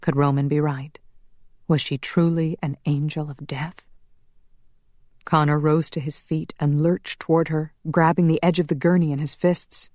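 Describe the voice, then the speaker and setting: A woman narrating a paranormal romance audiobook in a measured, steady way. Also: low-pitched, no room sound, clean studio sound.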